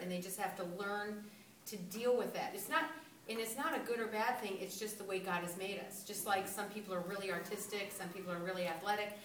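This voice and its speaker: A woman's voice: mid-range voice, fairly bright tone. An older woman earnestly giving casual parenting advice. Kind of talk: casual faith-based parenting talk. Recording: echoey room from a distance with noise.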